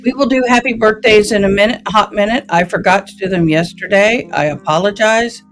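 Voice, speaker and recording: Faint music plays behind a woman speaking at medium pitch and a little fast. She's in her forties, hosting a laid-back livestream and folksily chatting with viewers by name, her accent a Southern mix of East Tennessee and Texas; she's from Tennessee and grew up in Texas.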